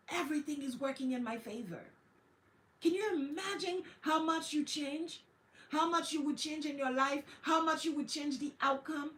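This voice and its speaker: A woman's voice: sits high, reverberant. A woman hosting a motivational wellness livestream, talking encouragingly and acting out self-talk in quotes. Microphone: streaming setup.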